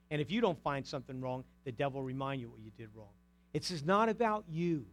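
High-voiced man preaching a sermon. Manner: emphatic, preaching with rising intensity and rhetorical questions. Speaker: pastor.

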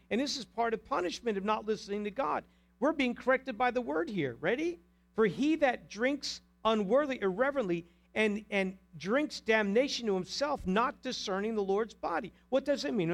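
A male pastor preaching an emphatic sermon, asking the congregation pointed rhetorical questions. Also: very high voice.

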